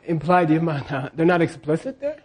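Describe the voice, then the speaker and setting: A man's voice: on the high side, big pitch swings, brisk, darkish tone, slightly rough. A man teaching a class on scripture, leading the students in repeating lines and checking in with them again and again. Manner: leads call-and-response repetition.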